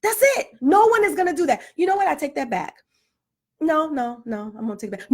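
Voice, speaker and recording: A woman's voice: high voice, very animated, fairly quick, darkish tone. A woman telling a story as a parent, emphatic and repetitive, hammering her points home. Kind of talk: casual storytelling monologue.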